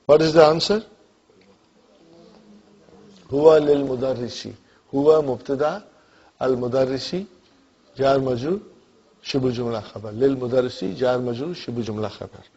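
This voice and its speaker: A man's voice: mid-range voice, moderate pace, pauses often, warm tone, muffled recording. A man teaching an Arabic grammar class, often asking whether students follow and calling on them by name. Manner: checks understanding often, calls on students by name.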